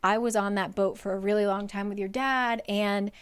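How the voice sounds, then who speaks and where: A woman voicing a sincere male fae courtier who gently shares fond memories, close to her own casual voice. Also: mid-range voice, steady tone, moderate pace, clean tone, close to an everyday voice.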